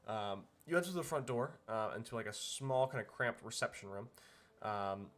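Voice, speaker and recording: A man's voice: medium pitch, moderate pace, a bit bright. A man narrating as game master in a loose, rambling way with lots of fillers.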